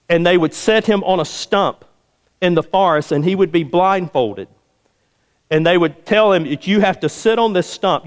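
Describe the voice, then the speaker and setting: A pastor preaching in a slightly high voice, his folksy storytelling and repeated phrases carrying through a church hall. The long reverb of the sanctuary hangs after his words. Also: clear, resonant tone. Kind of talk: sermon.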